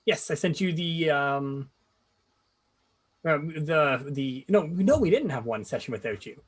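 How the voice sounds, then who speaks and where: A man's voice: on the high side, animated, measured pace, husky. A man chatting casually with fellow players, often restarting his sentences and laughing. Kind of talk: casual chat among players.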